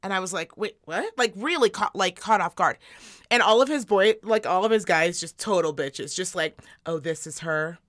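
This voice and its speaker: A woman co-hosting a podcast, telling stories in casual chat, animated and swearing freely. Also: medium pitch, normal speed. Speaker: podcast co-host.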